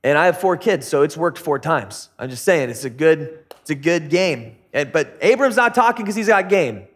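Middle-aged guy pastor giving a sermon, kinda high voice, chatty and jokey. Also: lively intonation, normal speed. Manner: conversational, jokey asides with sudden high-pitched bursts.

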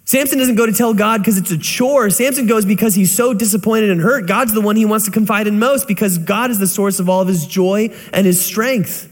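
A man's voice: sits high, a little fast, few pauses. A man in his thirties preaching a conversational sermon, full of rhetorical questions. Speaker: pastor. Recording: long reverb of a large hall.

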